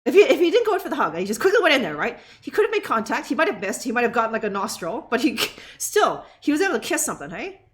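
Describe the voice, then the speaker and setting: A woman streamer reacts to a game with loud, sarcastic commentary, laughing often and tacking "huh?" onto her lines. Her voice sits a little high and leaps up and down. She swears freely. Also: big pitch swings, very fast. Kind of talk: live gameplay commentary.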